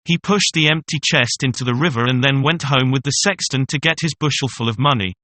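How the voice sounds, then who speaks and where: A man narrating a fairy tale in a measured, even storytelling manner. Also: mid-range voice, no echo.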